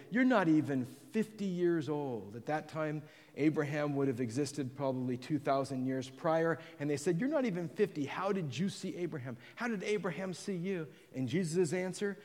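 A man preaches in an emphatic, rising-and-falling cadence, often dropping to near quiet at the end of a phrase. His voice sits at an ordinary pitch and carries a long reverb from a large church hall. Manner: emphatic preaching, quoting scripture, trailing off softly at phrase ends. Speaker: pastor. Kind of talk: sermon.

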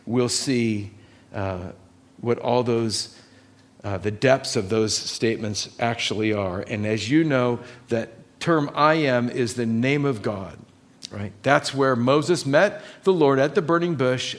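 A man preaching a sermon as pastor, emphatic, repeating his key points and asking his listeners questions. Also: mid-range voice.

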